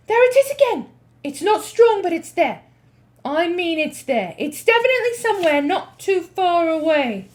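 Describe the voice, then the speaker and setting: A tall, sniffing witch shrieks warnings to the others in a storybook tale, as a woman voices her. Her voice is piercingly high and jumps around with jittery alarm. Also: big pitch swings, moderate pace.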